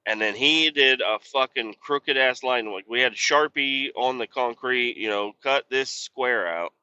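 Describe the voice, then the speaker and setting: A man's voice: medium pitch, normal speed, pushed and bright, clear, resonant tone. Rambling, cussing man in a dull lo-fi recording. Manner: rambling, profane, laid-back storytelling. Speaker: podcast host. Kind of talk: casual solo chat while driving. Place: truck cab on the road.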